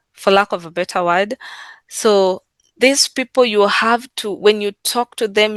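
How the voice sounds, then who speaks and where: A woman's voice: medium pitch, a bit bright, no echo. A woman who works in client service, talking casually and unhurriedly about her work, with many fillers and repeated phrases. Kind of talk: casual talk on work practice.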